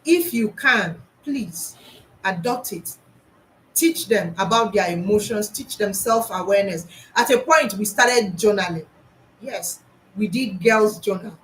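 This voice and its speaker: A woman's voice: medium pitch, expressive, a little slow, a bit bright, slight background noise, low-quality recording. Earnest woman teacher. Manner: earnest, repeats points, many restarts. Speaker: school psychologist and teacher. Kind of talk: talk on teaching practice.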